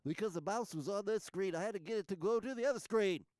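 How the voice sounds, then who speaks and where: A man doing a high, whiny voice for a flustered young producer who is always confused and defensive. It sounds a little off the mic, with very little room around it. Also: fast talker, darkish tone, no echo, close to an everyday voice.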